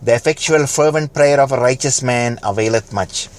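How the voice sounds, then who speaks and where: A man preaching a fervent sermon, building to loud exhortation and dropping to quiet, slowed lines. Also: medium pitch. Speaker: pastor.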